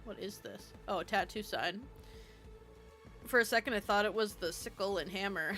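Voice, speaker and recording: A woman's voice: mid-range voice, moderate pace, fairly bright tone. A young woman streaming while she builds in a game, chatting in a rambling, self-deprecating way and swearing freely, with faint game music behind her.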